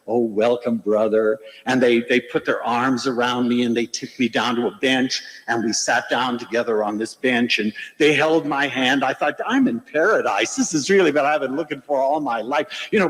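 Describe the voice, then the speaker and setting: Lively older man lecturing in a hall. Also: a little high. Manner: animated storytelling with playful asides. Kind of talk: humorous inspirational lecture. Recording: hall reverb from a lecture stage.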